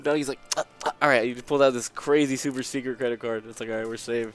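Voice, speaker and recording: A man's voice: mid-range voice, fairly even intonation, racing, dry recording, soft background music. A young man, a guest on a casual talk show, telling a story with frequent laughs and rambling asides. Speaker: guest, pro gamer.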